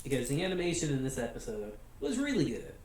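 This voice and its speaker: An American man hosting a casual anime review, chatty and relaxed, laughing often and filling gaps with "you know" and "like". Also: medium pitch, fast, distant mic. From United States. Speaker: anime reviewer, channel host. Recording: very echoey room, voice off-mic, faint hiss.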